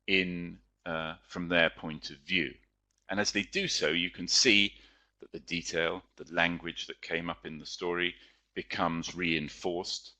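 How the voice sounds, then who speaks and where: A male teacher presenting a webinar lecture in a chatty, explanatory way, pausing often on fillers. His voice is low but bright and forceful.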